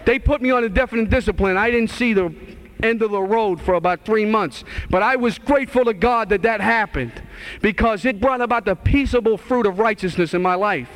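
A man's voice: high voice, brisk, fairly bright tone. A middle-aged man, a minister, giving his testimony as a sermon in an impassioned, exhorting way and acting out old conversations with a raised voice. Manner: impassioned, acts out dialogue in a raised voice; earnest and exhorting. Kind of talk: testimony sermon to a live audience.

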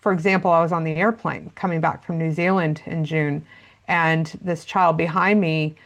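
A woman's voice: deep voice, fairly even intonation, normal speed. A woman answering interview questions as a parenting expert, explaining at length with frequent fillers.

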